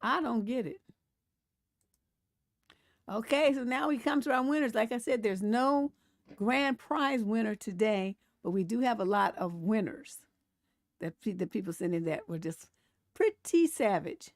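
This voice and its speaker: A woman hosting a live stream, reading memes and commenting in a sassy, animated way, laughing often and mimicking grumpy voices. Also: on the high side, normal speed, dry recording, studio quality. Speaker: relationship coach and show host.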